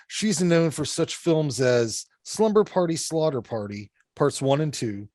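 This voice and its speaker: A man's voice: on the high side, lively intonation, a little slow, a little mellow, no room sound. A man hosting a horror movie podcast, talking bluntly and profanely, rambling with lots of fillers. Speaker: podcast host. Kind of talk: casual podcast review chat.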